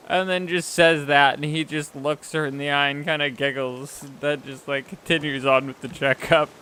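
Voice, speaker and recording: A man's voice: a little high, level tone, moderate pace, few pauses, pushed and bright, a little hiss or hum. A man chatting casually while streaming a game, rambling and self-deprecating, with frequent chuckles. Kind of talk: casual gaming chat.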